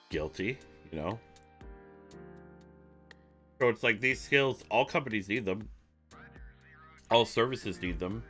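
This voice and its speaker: A man's voice: fairly low pitch, animated, slow pace, pauses often, sharp tone, slightly rough, faint music behind. A man streaming live, talking casually and rambling, with jokes and some swearing. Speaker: online marketing streamer. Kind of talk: casual livestream talk.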